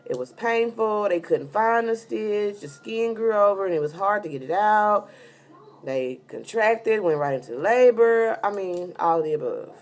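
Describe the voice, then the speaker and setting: A woman's voice: mid-range voice, animated, measured pace. A heavily pregnant woman telling a rambling, casual story in a vlog, full of fillers. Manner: chatty, rambling with many fillers. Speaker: vlogger giving a pregnancy update.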